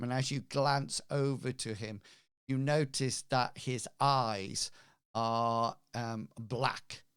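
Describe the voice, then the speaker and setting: A male game master narrates a tabletop adventure at a very slow, halting pace. His voice is smooth and clear, recorded dry and close. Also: medium pitch, no echo.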